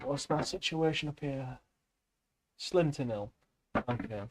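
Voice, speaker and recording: A young livestreamer talks casually to his viewers at a measured pace, his voice at an ordinary middle pitch. He rambles, drifts off topic, and swears without a second thought.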